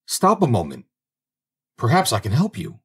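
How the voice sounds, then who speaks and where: A man's voice: medium pitch, huge pitch swings, moderate pace, fairly bright tone, breathy edge, pitched above the performer's own voice, full character voice. A man voicing a brave young drummer who speaks with confident, boastful assurance in a fairy-tale audiobook. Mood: kindly. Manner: confident, boastful, slightly raised voice. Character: brave young male drummer, bold and fearless. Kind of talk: audiobook character reading.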